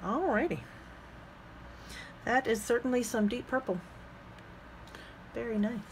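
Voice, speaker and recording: A woman vlogging casually as she swatches inks, chatting and thinking out loud with frequent fillers as she works. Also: a little high, a little slow, a little hiss or hum. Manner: talks to herself while working with her hands. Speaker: fountain pen ink vlogger.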